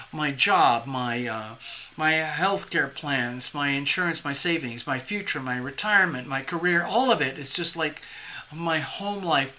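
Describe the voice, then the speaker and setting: A tarot reader giving a live reading, talking in a rambling, animated way, acting out the inner voices they describe and laughing at their own jokes. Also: mid-range voice.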